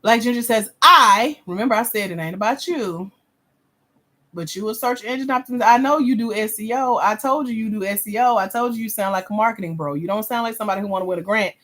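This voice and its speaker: A woman's voice: mid-range voice, fast. Blunt, sassy woman coaching on livestream. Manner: blunt, sassy, straight-talking with casual slang. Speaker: grant coach hosting a livestream. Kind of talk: livestream coaching, reading out viewer comments.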